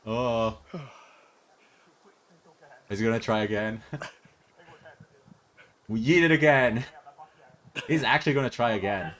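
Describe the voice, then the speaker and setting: A man's voice: mid-range voice, slow, pauses often, a bit bright. A male streamer chatting casually and reacting with frequent laughter while watching a video.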